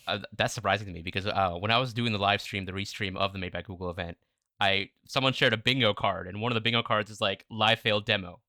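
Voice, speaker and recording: Man, podcast co-host, lowish pitch, bright edge, dry close sound, enthusiastic questions. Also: quick pace, no echo. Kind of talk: casual tech podcast chat.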